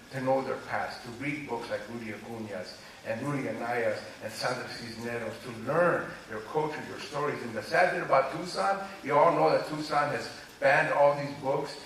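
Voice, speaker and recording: A man of around 60 from Los Angeles, an author telling candid personal stories in an interview, animated and confiding and often checking that the listener follows. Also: medium pitch. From Los Angeles, USA. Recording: echoey room, distant mic, noisy ambience.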